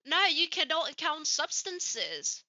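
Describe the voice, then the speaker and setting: A woman's voice: sits high, big pitch swings, slow, pushed and bright, no room sound, lo-fi sound. A woman from Switzerland with a light Swiss French accent, co-hosting a casual chat and swearing freely as she acts out the people in her stories. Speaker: podcast co-host.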